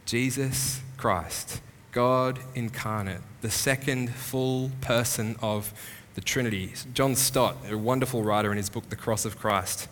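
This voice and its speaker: A man, a pastor, giving an earnest teaching sermon at a live church lecture, slowing down to stress key phrases. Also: mid-range voice, a bit bright. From Australia. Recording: echoey hall, faint background noise.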